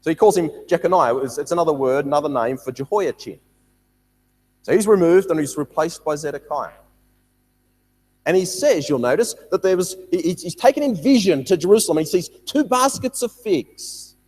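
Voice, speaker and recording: A man leads a Bible study, reading verses and then pressing his points with repetition. His voice sits a little high and slightly husky, rising and falling in a lively way. The sound carries a long hall reverb. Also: moderate pace. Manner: animated, repeats words, reads scripture aloud. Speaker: Bible teacher.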